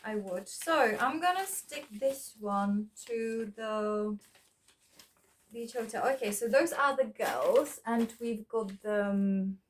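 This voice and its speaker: Slow, rambling woman thinking aloud. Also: a little high, a little hiss or hum. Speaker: vlogger. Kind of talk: casual reminiscing while sorting keepsakes.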